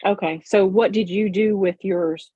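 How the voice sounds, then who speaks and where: Livestream host, woman, husky tone, dull dry remote sound, encouraging and chatty. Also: medium pitch, fairly even intonation, a little slow, dark tone, no echo. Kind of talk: casual livestream chat.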